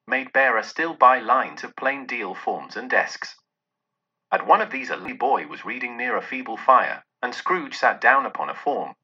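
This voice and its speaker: A man reading a classic story aloud in a dramatic, expressive narration. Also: breathy edge. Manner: dramatic, with many shifts in pitch and loudness. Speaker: audiobook narrator. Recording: dull lo-fi recording.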